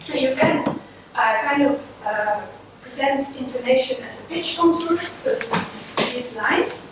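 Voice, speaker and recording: A woman's voice: sits high, animated, unhurried. A woman researcher giving a conference presentation on child language, explaining steadily like a lecture. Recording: echoey hall, far from mic, noisy.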